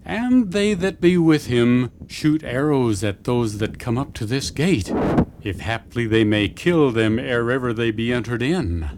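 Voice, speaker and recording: A man's voice: mid-range voice, lively intonation, very noisy. Goodwill, a grave gatekeeper played by a man. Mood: solemn. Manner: solemn, measured, old-fashioned formal speech. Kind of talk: radio drama acting in archaic English.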